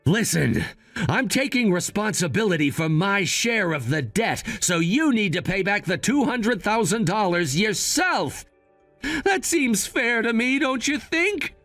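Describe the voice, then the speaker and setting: A man plays a young adult son in a storybook drama, cool and scheming as he lays out terms. His voice is unusually high for a man and very lively in pitch, close and dry. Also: unhurried, no room sound, faint music behind, heavily acted. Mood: firm. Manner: cool, firm, lecturing.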